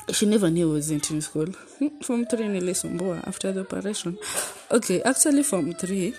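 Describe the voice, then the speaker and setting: A young Kenyan woman in her twenties with a deep voice, hosting a podcast and chatting casually about her life, switching between English and Swahili slang. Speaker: podcast host. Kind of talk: casual personal storytelling.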